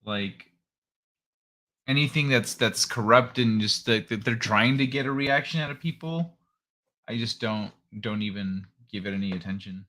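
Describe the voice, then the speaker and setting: A man's voice: fairly low pitch, moderate pace, pushed and bright. A man dropping in as a guest on a stream, chatting casually and rambling a little while he is tired and yawning. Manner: laid-back, rambling. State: sleepy, yawning. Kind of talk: casual chat.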